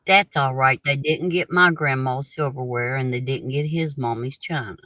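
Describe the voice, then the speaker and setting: A man's voice: mid-range voice, normal speed, pushed and bright, no room sound, rough recording. A middle-aged man on a call, chatting casually in a shrugging, plainspoken, folksy way. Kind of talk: casual chat.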